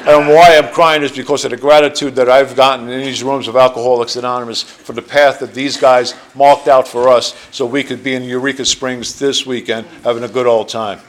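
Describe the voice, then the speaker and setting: A man's voice: medium pitch, fairly even intonation, fairly quick, hardly any pauses, a little hiss or hum. A man in his sixties with a New Jersey accent, sharing his life story at a recovery meeting in a rambling, earnest way full of fillers. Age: 60s. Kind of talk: personal testimony talk. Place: meeting room.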